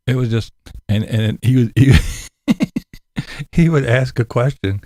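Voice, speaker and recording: Give me a man with an average-pitched voice, laughing his way through casual crude commentary, recorded dry. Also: takes it slowly, dark tone, no room sound. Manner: laughs through most sentences, profane, mocking. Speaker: livestream host answering chat.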